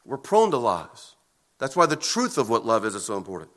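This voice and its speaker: A man preaching a sermon as pastor, earnest and emphatic, with deliberate pauses between phrases. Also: medium pitch, wildly swooping pitch, a bit bright.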